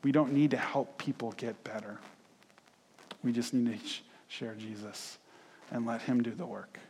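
Pastor, male, casual storytelling sermon, mid-pitched, church hall reverb. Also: moderate pace, a little hiss or hum. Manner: conversational, storytelling, animated acted quotes.

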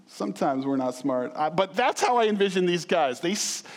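A man preaching in a church sanctuary, his voice sitting a little high for a man. He tells the story with lively, animated asides and bursts of acted-out excitement. A long reverb trails every phrase. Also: normal speed. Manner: animated storytelling, acts out scenes with sudden loud outbursts. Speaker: pastor. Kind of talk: sermon.

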